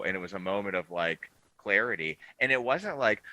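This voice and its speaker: A man co-hosting a podcast in casual chat, telling his takes as an animated storyteller who swings his voice up and down. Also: on the low side, brisk, hardly any pauses, background noise. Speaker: podcast co-host.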